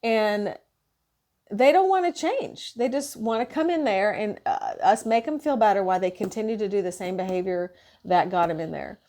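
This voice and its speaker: A woman's voice: mid-range voice, moderate pace. A woman nurse venting in a casual monologue, frustrated and swearing as she retells her shift. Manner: frustrated, profane, animated retelling.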